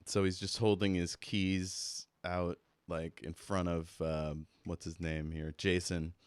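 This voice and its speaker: A man's voice: sits low, level tone, takes it slowly, clean tone, dry recording. A man narrating as keeper of a tabletop game, laid-back and rambling with fillers.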